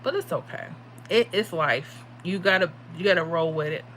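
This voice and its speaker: A tired woman, short on sleep, hosts a casual livestream where she gives lottery predictions, chats, and reads viewer comments aloud. Her fairly low voice is expressive and a little bright, with a moderate pace. There's slight background noise.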